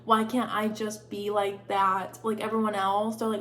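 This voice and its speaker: A woman's voice: medium pitch, level tone, moderate pace, fairly bright tone, soft background music. A woman in her twenties chatting casually as a book vlogger, rambling, giggly and self-deprecating, with lots of "like" fillers. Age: 20s. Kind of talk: casual chat.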